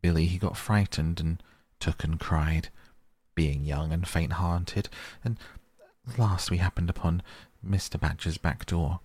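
A man's voice: deep voice, fairly even intonation, measured pace, darkish tone. Man doing a humble young hedgehog boy. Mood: respectful. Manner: humble, rustic country speech. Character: young male hedgehog, polite and respectful.

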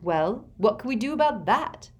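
A woman's voice: a little high, sing-song, moderate pace, slightly rough, voice pushed up. A woman voicing a gloomy teenage boy who grumbles in an exasperated way. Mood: grumbling.

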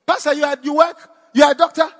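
A man's voice: level tone, quick pace. A man doing a shrieking panicked woman. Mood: astonished. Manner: high shouted cries, frantic repeated questions. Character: panicked woman church member, shrieking in alarm. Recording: long reverb in a large hall.

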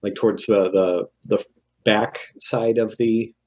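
A man playing a tabletop game, narrating his character's actions in a lively way. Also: lowish voice, slow pace, husky. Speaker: player. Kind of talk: casual tabletop play.

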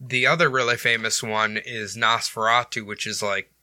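A man's voice: medium pitch, steady tone, normal speed, pushed and bright, no room sound. A man co-hosting a casual podcast, rambling and laughing often, swearing casually. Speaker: podcast co-host. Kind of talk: casual chat.

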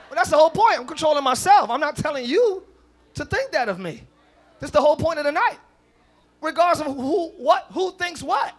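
A man preaching a sermon as pastor at a live church service, swinging from soft conversational asides to loud shouted declarations with call-and-response. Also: extremely high pitch. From northern United States.

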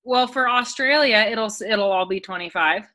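A woman's voice: on the high side, moderate pace, sharp tone. A woman in her twenties from the United States, a guest on a podcast who talks in an enthusiastic, friendly way. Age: 20s. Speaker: guest, dieting coach. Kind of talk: casual podcast interview.

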